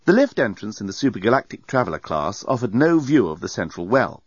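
A man narrating an audiobook in an expressive, wry storytelling way. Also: fairly low pitch, fairly quick, hardly any pauses, slightly rough, no echo. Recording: dull, muffled sound.

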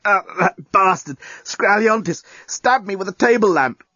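Give me a man playing a gruff injured alien journalist who growls his lines, husky and lively. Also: high-pitched, unhurried, dry recording, muffled recording, pitched above the performer's own voice, exaggerated voice. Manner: growling, gasping. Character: gruff male alien journalist, wounded and evasive.

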